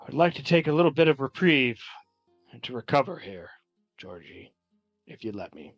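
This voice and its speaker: A man's voice: fairly high pitch, sing-song, measured pace, dry recording, lo-fi sound, soft background music. A man voicing a tired middle-aged uncle who speaks wearily and earnestly. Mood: weary. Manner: weary and earnest.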